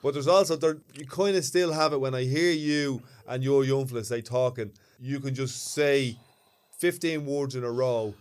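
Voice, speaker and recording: A man from Dublin with a Dublin accent, co-hosting a podcast in relaxed, agreeable casual chat. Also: mid-range voice, normal speed, clear, resonant tone. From Dublin, Ireland. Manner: easygoing, agreeable, laughs along. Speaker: podcast co-host.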